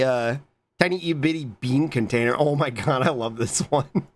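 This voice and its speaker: A streamer chatting casually with viewers while reacting to clips, playful and swearing, with sudden high squeaky exclamations. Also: expressive, moderate pace. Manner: playful, swears casually, reads chat aloud and thanks viewers.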